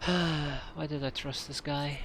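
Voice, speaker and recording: A man's voice: on the high side, fairly even intonation, slow pace, a bit bright, faint music behind. A man streaming a role-playing game, reading the on-screen text aloud with wry, sighing remarks.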